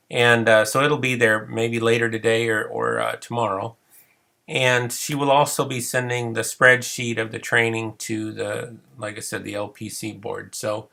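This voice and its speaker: A man's voice: mid-range voice, vocal fry, sharp tone. A middle-aged man who is losing his voice, talking in a chatty, rambling way with many fillers as he leads an online training session. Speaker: counseling supervision trainer. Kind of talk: casual online training webinar.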